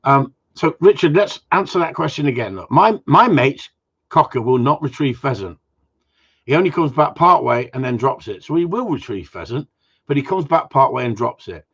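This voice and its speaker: A man's voice: medium pitch, animated, normal speed, breathy edge. A man who trains gundogs, answering viewer questions in a blunt, rambling way with casual swearing. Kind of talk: casual Q and A chat. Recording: dull lo-fi sound.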